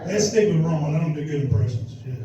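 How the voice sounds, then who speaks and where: A man's voice: on the high side, animated, quick pace, a crowd in the background. A man doing a crude, rambling, self-mocking stand-up comedy set. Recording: distant echoey club recording.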